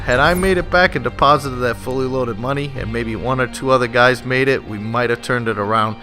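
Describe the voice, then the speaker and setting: A man's voice: mid-range voice, fairly quick. Male gaming host, loose profane play-by-play over game music. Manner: casual, swears freely. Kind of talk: gameplay commentary.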